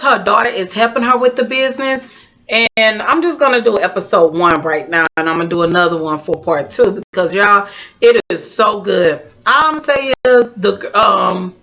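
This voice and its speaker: Bright-voiced woman chatting a TV recap. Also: medium pitch, dull audio. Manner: slangy, animated, talks straight to viewers. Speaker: TV recap vlogger. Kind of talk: casual chatty show recap.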